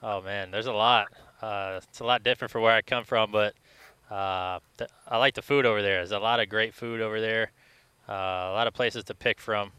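A laid-back young man from Louisiana answers questions with plenty of uhs and ums. His voice is low, bright and clean, and it sounds close and dry, with no room around it. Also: steady tone, moderate pace, clean tone, no room sound. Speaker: guest athlete. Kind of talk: casual interview answers.

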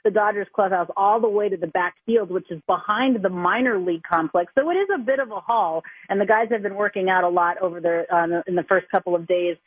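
A woman's voice: mid-range voice, fairly quick, hardly any pauses, breathy edge, dry recording. A woman sports reporter calling in to a radio interview, chatty and enthusiastic, heard over the telephone. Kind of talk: phone-in interview. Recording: tinny phone line.

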